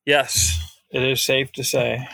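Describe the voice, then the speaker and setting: Gravelly, terse hungover man. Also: medium pitch, flat delivery, slow, bright, forceful tone, dry recording, studio quality. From Ohio. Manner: terse, laconic short answers. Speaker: podcast co-host. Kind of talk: casual chat.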